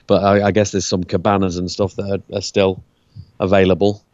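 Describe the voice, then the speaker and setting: A man's voice: low voice, little pitch movement, fairly quick, darkish tone, no echo, muffled recording. A man from the UK, a musician guest in a casual interview, talking hesitantly and restarting his words.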